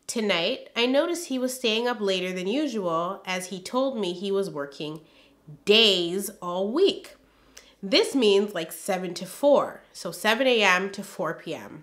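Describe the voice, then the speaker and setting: A woman with a bright, clear voice reads her old journal aloud for a storytime vlog. She stops often for emphatic, exasperated comments of her own. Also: medium pitch. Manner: emphatic, exasperated asides between read-out passages.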